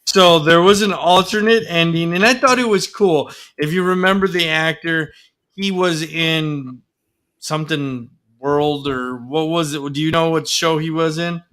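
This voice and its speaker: Bright-voiced man host, rambling. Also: on the high side, a little slow. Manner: rambling, many fillers. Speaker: podcast host. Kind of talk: casual chat.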